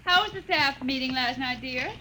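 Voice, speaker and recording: An actress playing a gentle middle-aged mother who speaks in a soothing, fretful way, in 1940s radio-play style. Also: high-pitched, normal speed, a little hiss or hum.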